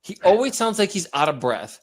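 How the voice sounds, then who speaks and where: A hoarse man co-hosting a podcast, chatting casually and joking around. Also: high voice, a little fast. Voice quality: animated, joking. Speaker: podcast co-host. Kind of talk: casual chat.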